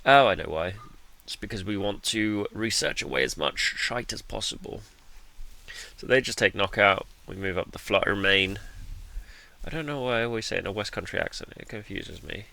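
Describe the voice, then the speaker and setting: Gravelly low-voiced man. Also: expressive, brisk, pushed and bright. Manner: laid-back and self-deprecating, with mild swearing. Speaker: card game player commentating his match. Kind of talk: casual gameplay commentary.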